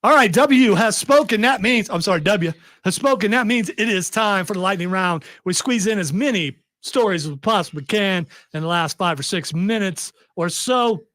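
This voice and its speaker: A man hosting a casual podcast, his voice sitting high for a man. He jokes and laughs his way through the chat and runs the segments. The sound is dry and close, with almost no room. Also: moderate pace, hardly any pauses, no echo. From family from Kentucky. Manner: joking, animated, laughs often. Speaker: podcast host.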